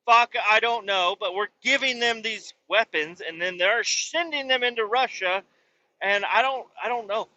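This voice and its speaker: A man's voice: sits high, moderate pace, bright, forceful tone, dull audio. A man hosting a podcast, ranting about politics in a rambling, profanity-heavy way. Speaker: podcast host.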